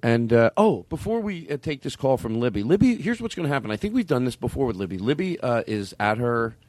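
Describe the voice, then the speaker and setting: A man in his fifties hosts a comedy show, his medium-pitched voice moving fairly quickly with no echo. He's animated and jokey, riffing loosely and hesitating often.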